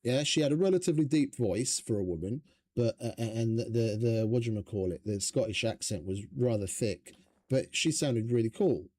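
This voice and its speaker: A man's voice: mid-range voice, expressive, normal speed, darkish tone. Rambling, profane man narrating his gameplay. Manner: rambling, profane, stop-start. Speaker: gaming streamer. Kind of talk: casual gameplay commentary.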